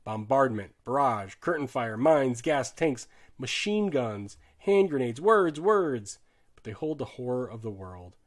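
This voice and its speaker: A man's voice: medium pitch, animated, unhurried. Man reading a war novel aloud. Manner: earnest, shifts loudness sharply with the drama. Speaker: audiobook reader. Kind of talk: dramatic audiobook narration.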